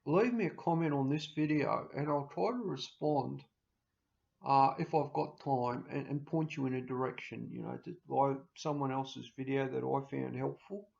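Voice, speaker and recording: A middle-aged man, rambling emotionally to camera in a farewell vlog, breaking into loud mimicry and laughter. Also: medium pitch, moderate pace, gravelly. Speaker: YouTuber signing off. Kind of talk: casual personal talk to camera. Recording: dull lo-fi home recording.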